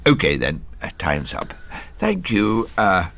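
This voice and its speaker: A man in his sixties playing a dry, deadpan counsellor who also chats softly to his dog. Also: low-pitched, takes it slowly, gravelly. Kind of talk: scripted comedy dialogue.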